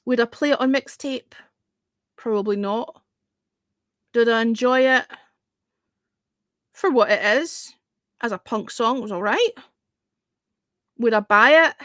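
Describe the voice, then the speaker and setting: A woman hosting a music review livestream, talking in a rambling, casual way and dropping the odd swear word. Her voice sits a little on the high side for a woman. The sound is dry and close, with no room echo. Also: measured pace, pauses often, a bit bright. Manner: chatty, rambling, peppered with "you know" and the odd swear word.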